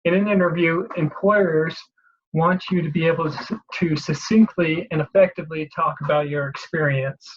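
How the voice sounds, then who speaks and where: A presenter giving an instructional voice-over, explaining each step steadily and clearly with a few small restarts. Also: medium pitch, fairly even intonation, normal speed, muffled recording, a little hiss or hum. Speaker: career advice presenter.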